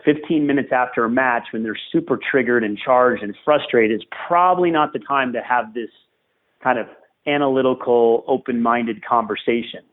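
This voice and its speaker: Earnest man coaching over a tinny line. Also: medium pitch. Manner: earnest, emphatic, repeats phrases for stress. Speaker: tennis coach and guest. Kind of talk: podcast interview, advice. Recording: tinny phone-like remote line.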